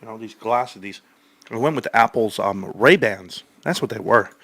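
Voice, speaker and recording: Bright-voiced joking man streamer. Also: fairly low pitch, moderate pace, creaky, no echo. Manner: joking, crude, boastful banter. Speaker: stock market streamer. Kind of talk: casual rambling livestream chat. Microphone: desk microphone.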